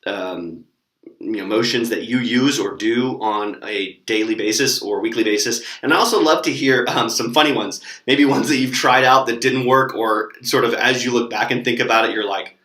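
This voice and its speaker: A man's voice: mid-range voice, normal speed, roomy sound. A young man casually sharing tips for teaching online classes, with lots of ums and demonstrated words. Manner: relaxed, lots of fillers, demonstrates words with gestures.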